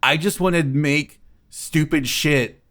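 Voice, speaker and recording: A man's voice: fairly high pitch, takes it slowly, a bit bright. A young man chatting casually as a podcast co-host, rambling with lots of fillers and frequent laughter. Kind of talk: casual chat.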